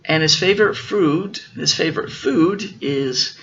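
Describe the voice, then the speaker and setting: A man voicing a clever little male mouse in a storybook reading, with a bright, lilting voice. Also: on the high side, unhurried, highs cut off, a little hiss or hum. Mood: sly.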